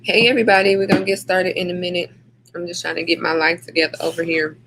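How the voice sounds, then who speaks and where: A woman's voice: lowish voice, flat delivery, quick pace, heavy background noise. A woman hosting a casual livestream, chatting loosely and greeting viewers one by one by name. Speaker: livestream host.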